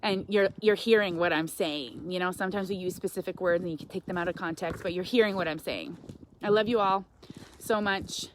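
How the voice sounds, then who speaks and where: A woman, a guest on a live stream, chatting in an animated, upbeat way and reading viewer comments aloud. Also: fairly low pitch, a little fast, slight background noise. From Canada. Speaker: guest speaker. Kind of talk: live-stream motivational chat.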